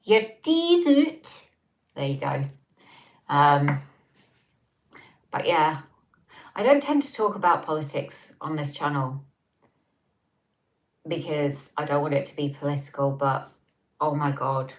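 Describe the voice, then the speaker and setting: A woman with an English accent speaks in a low voice at a measured pace, pausing often, as she hosts a casual livestream at home. Chatty and rambling with many ums, she reads comments aloud, recorded on a tablet placed on a table.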